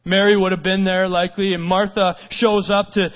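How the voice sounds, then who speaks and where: A man preaching a sermon, swinging between loud urgent stretches and hushed quiet ones and firing off rhetorical questions. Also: high voice, little pitch movement, moderate pace, lo-fi sound. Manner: asks repeated rhetorical questions. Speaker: pastor.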